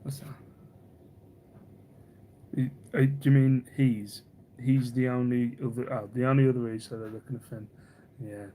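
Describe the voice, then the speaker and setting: A man's voice: medium pitch, little pitch movement, moderate pace, long pauses, mellow. A man hosts a casual live stream in a middle-range voice. He rambles from one thought to the next, teases his viewers and reads their comments aloud. There is faint background noise. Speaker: livestream host.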